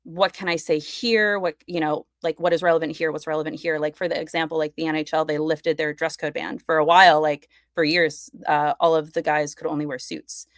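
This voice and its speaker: A woman's voice: low-pitched, level tone, brisk, few pauses, no room sound, studio quality. A young woman guest on a podcast, chatting eagerly about her work, with lots of likes and you-knows. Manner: enthusiastic, chatty, many fillers. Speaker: podcast guest, fashion content creator. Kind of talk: casual conversation.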